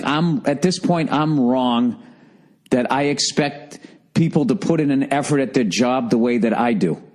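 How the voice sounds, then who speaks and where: Husky man in a profane rant. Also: fairly high pitch, a little mellow. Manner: profane, exasperated ranting. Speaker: podcast host. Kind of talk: solo ranting monologue. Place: alone in a room.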